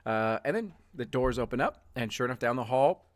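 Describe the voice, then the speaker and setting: A man's voice: mid-range voice, expressive, a little fast. A man running a tabletop role-playing game, narrating the scene in a loose, rambling way full of fillers. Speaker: game master. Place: home streaming setup.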